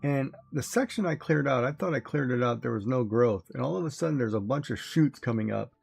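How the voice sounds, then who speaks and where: A man's voice: medium pitch, fairly quick, gravelly, breathy edge, soft background music. A man streaming, chatting casually with his live audience, rambling along and chuckling often.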